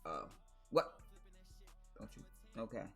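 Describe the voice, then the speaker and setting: A woman's voice: extremely low pitch, sing-song, slow pace, vocal fry, a bit bright, faint music behind. A woman with a Baltimore accent who streams, chatting casually with a joking, profane, storytelling manner. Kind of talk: casual chat.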